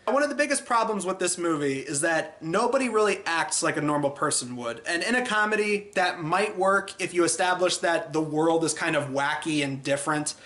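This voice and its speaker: Bright-voiced chatty film reviewer, man. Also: a little high, brisk, few pauses. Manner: chatty, exasperated, animated.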